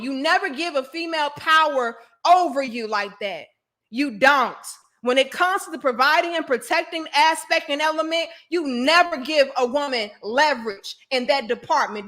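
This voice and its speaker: Woman host, thirties, high voice, blunt live-stream commentary with a preachy, emphatic delivery. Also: pushed and bright. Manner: preachy and emphatic, addresses viewers directly as sis and brothers. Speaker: host of a live online talk show.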